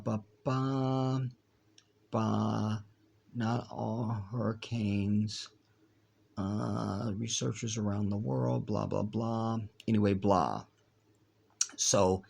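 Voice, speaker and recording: A man talks slowly in a rambling monologue, addressing his viewers directly. He reads passages aloud and skips through them with filler. His voice is gravelly and husky. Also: on the low side. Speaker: video channel host. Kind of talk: solo monologue reading aloud.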